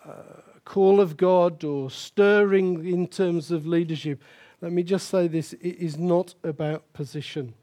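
Older man, pastor preaching, sermon, unhurried delivery, slightly high voice, emphatic repetition. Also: steady tone, dark tone. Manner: emphatic, repeats key phrases for stress.

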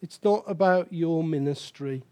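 A man's voice: a little high, unhurried, darkish tone. An older man preaching a sermon as pastor, emphatic and repeating key phrases for stress.

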